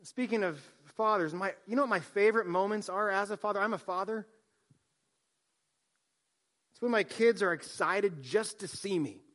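A man, a pastor, preaching a sermon, swinging from soft hushed line endings to loud emphatic lines. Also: high-pitched, normal speed, long pauses.

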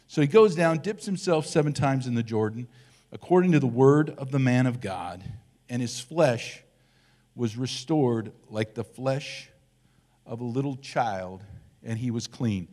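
Older man, church elder, conversational sermon, animated storytelling, voices for characters. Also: medium pitch, moderate pace.

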